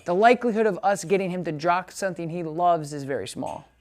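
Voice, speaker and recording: A man's voice: sits high, lively intonation, fast. A man working as a dog trainer, hosting a casual video lesson with an upbeat, chatty delivery. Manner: upbeat, chatty, loose with fillers and asides. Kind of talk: casual video lesson, talking to camera and a client.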